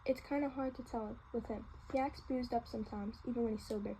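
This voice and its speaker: A woman's voice: on the high side, steady tone, a little fast, dark tone, a little hiss or hum, poor audio. A woman reading a novel aloud in a casual way, with small slips and restarts. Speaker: reader.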